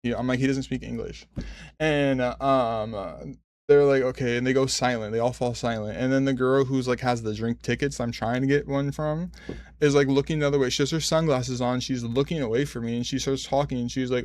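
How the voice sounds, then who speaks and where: A man's voice: medium pitch, steady tone, a little fast, a little mellow, no room sound. A twenty-five-year-old man streaming, telling a long story in casual chat, rambling, swearing and correcting himself as he goes. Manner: rambling, profane, self-correcting.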